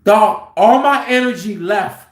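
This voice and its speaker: Animated truck driver man in an echoey room. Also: high-pitched, slow. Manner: animated, profane, acts out quotes loudly. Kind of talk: casual storytelling. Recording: roomy echo.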